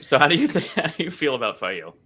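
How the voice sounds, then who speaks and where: A man's voice: on the high side, wildly swooping pitch, quick pace, sharp tone. A man hosting a live podcast discussion, teasing his guests in a playful, mock-indignant way. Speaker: podcast host. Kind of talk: casual group discussion, teasing.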